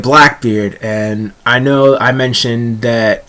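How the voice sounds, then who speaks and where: A man's voice: mid-range voice, steady tone, unhurried, a bit bright. A young man casually reviewing a comic chapter, rambling and often stumbling over words and restarting.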